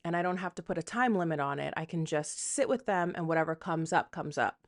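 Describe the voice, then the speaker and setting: A woman's voice: on the low side, animated, fairly quick. A woman hosting a solo podcast, talking frankly and rambling in a self-deprecating way, often quoting her own inner thoughts and swearing casually. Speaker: podcast host. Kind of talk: candid solo podcast monologue.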